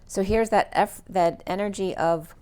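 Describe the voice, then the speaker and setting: A woman giving a solo spiritual reading, thinking aloud as she lists word meanings in a musing run-on flow, her voice going a little hoarse. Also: mid-range voice, a little slow, darkish tone. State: losing her voice, slightly hoarse. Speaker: spiritual reader.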